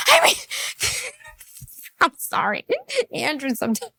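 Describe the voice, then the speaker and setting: A woman commenting on a podcast clip with a high, bright, lively voice that jumps all over. She sounds incredulous and mocks the people she hears. The mic is close and the sound dry. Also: moderate pace, dry recording. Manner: incredulous, laughing, mocking put-on voices. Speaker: reaction commentator.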